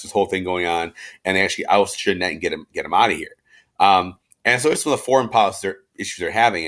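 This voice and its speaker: Man, low voice, history teacher, relaxed and slangy, talks with fillers, casual lecture. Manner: chatty and slangy, acts out quotes in everyday speech. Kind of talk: casual recorded class lecture.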